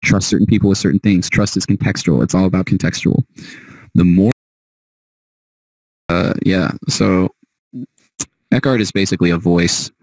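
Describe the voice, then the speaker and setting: A man's voice: low-pitched, moderate pace, long pauses, darkish tone, dry recording, poor audio. A man hosting a solo podcast monologue, heated and emphatic, cursing freely. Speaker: podcast host.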